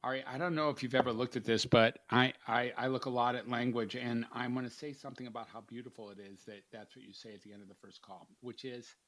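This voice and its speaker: A man hosting a podcast, talking in a thoughtful, halting way, often repeating words as he thinks. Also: medium pitch, fairly even intonation, fairly bright tone, no echo. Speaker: podcast host, doctor. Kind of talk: casual interview chat.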